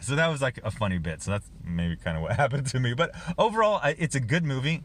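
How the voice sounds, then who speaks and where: A man's voice: mid-range voice, quick pace, a bit bright. A man casually reviewing a film on his own channel, rambling with lots of fillers and restarts and chuckling as he talks.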